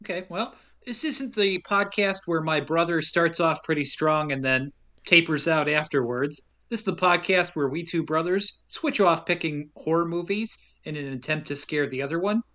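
A man hosting a casual podcast, lively and laughing often. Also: a little high, moderate pace. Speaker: podcast host. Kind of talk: casual chat.

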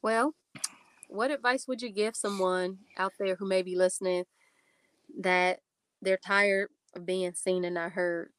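A woman hosting an interview, asking calm, measured questions. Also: medium pitch, clean tone, no room sound. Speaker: podcast host.

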